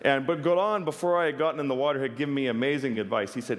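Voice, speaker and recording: A man at the podium tells a vivid personal story, earnest and lively, with flashes of wry humor. His voice sits at an ordinary middle pitch. The sound rings with the long reverb of a large hall. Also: rapid-fire, a little hiss or hum. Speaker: wildlife photographer giving a talk. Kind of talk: stage talk, personal storytelling.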